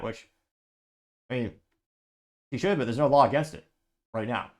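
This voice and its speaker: A man's voice: medium pitch, moderate pace, long pauses, darkish tone. A man hosting a political news commentary show, reading quotes and adding sarcastic asides.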